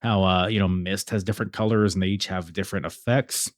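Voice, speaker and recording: A man's voice: sits low, fairly even intonation, brisk, no room sound, clean studio sound. A man hosting a podcast, reviewing wrestling shows in a casual, rambling way with many fillers. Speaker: podcast host.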